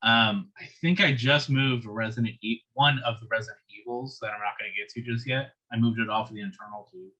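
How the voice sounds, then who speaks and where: Man, bright forceful tone, muffled lo-fi sound, easygoing rambling podcast talk. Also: mid-range voice, fairly even intonation, fairly quick, few pauses. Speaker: podcast co-host. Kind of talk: casual gaming chat.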